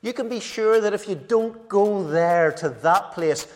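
A male preacher delivering a sermon, measured and emphatic, repeating key phrases for weight. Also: sits high, steady tone, a little mellow. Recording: long reverb of a large hall.

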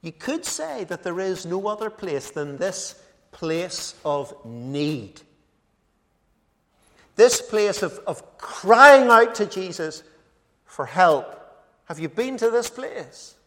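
Slow, high-voiced man preaching in a reverberant hall. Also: big pitch swings, fairly bright tone. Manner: measured, emphatic, repeats key phrases. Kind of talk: sermon. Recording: long reverb of a large hall.

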